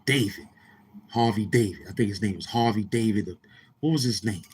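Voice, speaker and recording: A man's voice: fairly low pitch, normal speed, darkish tone, slight background noise. A man from Brooklyn, hosting a livestream and telling rambling, profane stories while calling out to the chat. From Brooklyn, New York. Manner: rambling, profane, keeps asking the chat questions. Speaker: show host.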